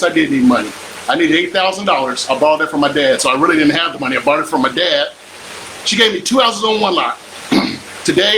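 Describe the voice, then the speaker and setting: Emphatic older man, bright, high voice. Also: slight background noise, rough recording. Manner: preachy, emphatic, repeats lines for effect. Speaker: real estate investor and coach. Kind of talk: motivational live stream pitch.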